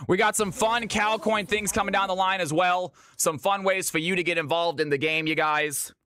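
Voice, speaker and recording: A man's voice: high voice, fairly even intonation, moderate pace, sharp tone, clean tone, no echo. A man from Georgia in the US, hosting a live stream and calling custom games with a hyped announcer delivery. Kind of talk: live game commentary.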